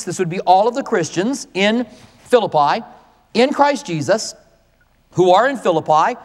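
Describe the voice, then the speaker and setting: A male pastor preaching a conversational, animated sermon to his congregation. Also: high voice, big-room sound.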